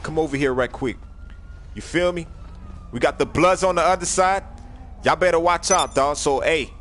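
A young man on a gaming livestream, joking loudly and bossing his crew around, jumping from shouts down to low mumbles. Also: normal speed. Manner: loud, joking, bossy, swings from shouting to mumbling. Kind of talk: casual gaming livestream chat.

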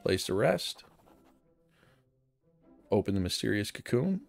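A man's voice: on the low side, sing-song, a little slow, vocal fry, faint music behind. A man casually walking through a video game guide, chatty and thinking aloud as he plays. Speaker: gaming guide host. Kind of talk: casual game walkthrough narration.

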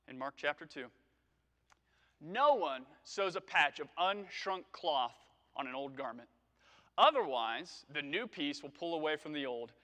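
A man with a bright, fairly high voice preaching in a church sanctuary, shifting between casual jokes and earnest reading of scripture. His words ring out with a long hall reverb. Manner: animated, conversational, jokes with congregation. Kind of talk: sermon.

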